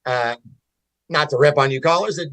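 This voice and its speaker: A man's voice: fairly high pitch, moderate pace, fairly bright tone, no room sound, poor audio. A man in casual podcast conversation, talking candidly with restarts and swearing. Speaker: podcast guest. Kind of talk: casual chat.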